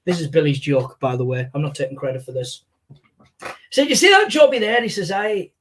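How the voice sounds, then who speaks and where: Sweary, rambling anecdotes come in a Scottish accent from a man impersonating a famous older Scottish comedian for stand-up storytelling. His voice is a little high, animated and fairly quick.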